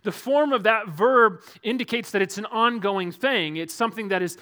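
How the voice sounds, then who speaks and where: A man preaching a sermon as pastor in a church, earnest, moving between loud emphasis and quiet, dropped asides. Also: high voice, moderate pace.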